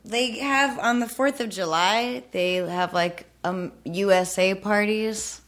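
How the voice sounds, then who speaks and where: A woman guest chiming in during a casual chat with slow, drawn-out remarks. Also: medium pitch, fairly bright tone. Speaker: guest comedian.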